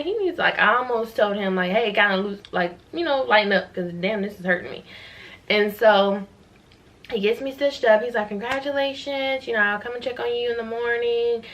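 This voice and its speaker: A young woman tells her birth story in a casual, chatty vlog. She voices the nurses, doctor and her wife with sharp leaps in pitch. Her voice sits at an ordinary middle height. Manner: animated retelling, acting out quoted voices with sharp pitch jumps.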